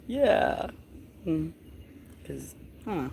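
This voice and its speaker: A livestream host chatting casually with viewers, switching to soft baby talk and hushed whispers for a kitten, outdoors near home. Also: medium pitch, unhurried, a little hiss or hum. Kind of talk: casual live stream chat.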